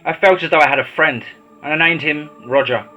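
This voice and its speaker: A man narrating a horror story in a steady, dramatic storytelling voice. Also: on the high side, fairly quick. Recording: slightly dull lo-fi audio with faint music.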